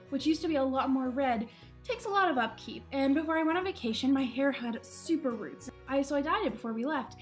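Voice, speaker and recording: A young woman with a high, bright-pitched voice tells stories about her own mishaps straight to camera, chatty and self-mocking, often breaking into laughter. Soft music plays faintly underneath. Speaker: vlogger. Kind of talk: casual storytelling to camera.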